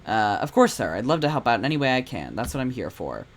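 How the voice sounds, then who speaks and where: Man reading as a soft-spoken British assistant, coaxing and earnest. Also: medium pitch, sing-song, fast. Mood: gentle. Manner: gentle, coaxing. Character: earnest young male vet assistant.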